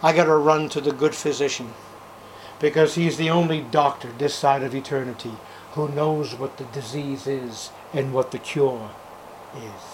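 An older man preaching a sermon at a church service, fervent, swinging between loud outbursts and hushed passages. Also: mid-range voice, steady tone, moderate pace, a little hiss or hum, low-quality recording.

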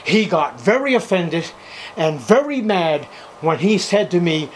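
Fervent older male preacher, high voice. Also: very animated, a little slow, slight background noise, poor audio. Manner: fervent, swinging between loud outbursts and hushed passages. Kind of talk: sermon. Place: church service.

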